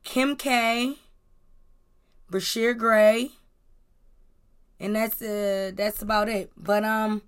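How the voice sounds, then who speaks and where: A woman's voice: mid-range voice, steady tone, drawn-out words, pauses often, a little hiss or hum. A young adult woman hosting a casual celebrity gossip podcast, chatty and rambling with lots of filler words. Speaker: podcast host.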